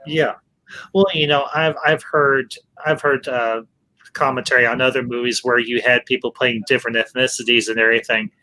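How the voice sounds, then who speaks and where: A man's voice: medium pitch, steady tone, moderate pace, pushed and bright. A man hosting a casual movie review chat, emphatic and restarting his words often. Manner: emphatic, keeps saying "I'll say this"; frequent word restarts. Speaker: host.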